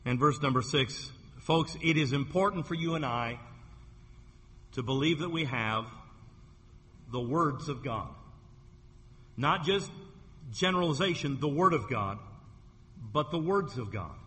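A male pastor preaches with emphatic weight, drawing out key phrases. His voice is bright and strained, a little husky as he is losing it, and it rings in a long church reverb. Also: medium pitch, expressive, a little slow, pauses often. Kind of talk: sermon. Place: church sanctuary.

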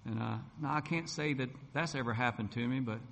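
A man's voice: mid-range voice, fairly quick, vocal fry, fairly bright tone. A middle-aged man, a gospel singer and preacher, telling his personal testimony in a folksy storytelling way. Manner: folksy storytelling, acts out quoted voices. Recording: long hall reverb.

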